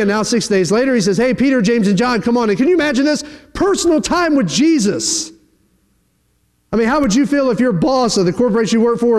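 A middle-aged male preacher delivers a sermon with a high-pitched voice. He is animated and slips into little voices when he acts out quoted dialogue. His words ring with the long reverb of a church hall. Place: church sanctuary.

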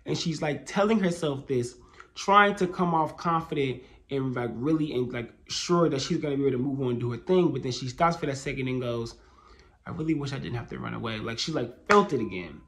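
A man's voice: medium pitch, fairly quick. A man who hosts a manga channel, chatting casually as he retells a chapter, using fillers like "you know what I'm saying" often. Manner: animated retelling with filler phrases. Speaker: manga reviewer. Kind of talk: casual discussion.

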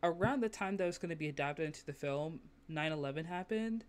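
A woman hosting a podcast, chatting casually, laughing often and acting out quotes in lively asides. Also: sits low, fairly quick. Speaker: podcast host.

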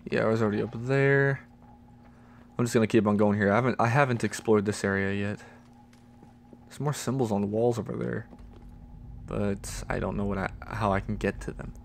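A teenage boy hosting a let's play, chatty and muttering, with excited squeals. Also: fairly low pitch, fairly quick, vocal fry, pauses often, slight background noise. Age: teens. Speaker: gaming channel host.

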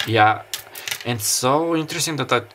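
A man with a mid-range voice does a pick-a-card tarot reading, musing and halting with many fillers and restarts. Soft summer beach ambience plays faintly behind him, along with a little hiss or hum.

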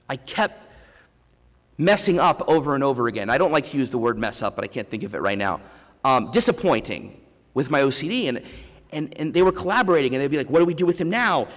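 A man gives a keynote in a large conference hall, his fairly high voice carried on a lavalier mic. The long reverb of the hall trails after his words. He tells a candid personal story with self-deprecating jokes and stops and restarts his sentences. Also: a bit bright. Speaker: keynote speaker.

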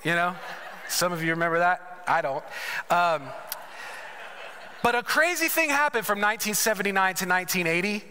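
High, bright-voiced man preaching in a hall. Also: lively intonation, moderate pace, pauses often, a little hiss or hum. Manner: conversational, storytelling with humorous asides. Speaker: conference speaker. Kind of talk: sermon with personal testimony. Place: large church sanctuary. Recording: reverberant church hall.

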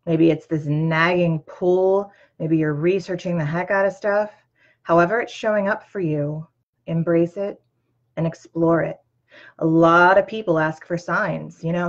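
A woman in her thirties speaks in a rather low voice, giving an earnest, chatty motivational talk. She talks to the listener directly and fills her sentences with ums and you-knows. The recording sounds a little dull and lo-fi. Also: fairly even intonation, a little slow. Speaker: host.

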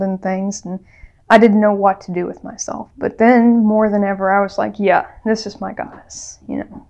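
A woman's voice: medium pitch, steady tone, normal speed, a little mellow. A woman hosting a vlog, telling a personal story in an earnest, casual way with lots of fillers. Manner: casual, chatty, many fillers; earnest and heartfelt. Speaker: vlog co-host.

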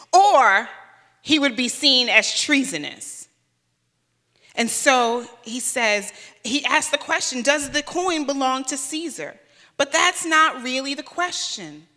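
A woman's voice: high voice, lively intonation, unhurried, pushed and bright, in a large hall. A woman guest pastor preaching a sermon, conversational, with rhetorical questions and light humor. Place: church sanctuary.

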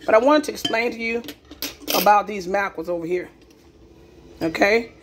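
A woman's voice: medium pitch, normal speed, slight background noise. A woman hosting a casual cooking demonstration in her home kitchen, chatty and repeating herself with lots of "okay?" asides. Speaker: cooking video host.

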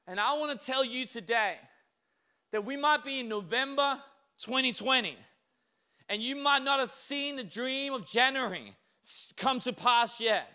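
A male pastor preaching a lively, conversational sermon full of rhetorical questions. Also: very high voice, unhurried. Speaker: lead pastor.

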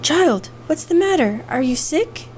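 A woman voicing a stern, tired farmer father with a gruff manner. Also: sits high, big pitch swings, unhurried, a little mellow, a little hiss or hum, pitched above the performer's own voice.

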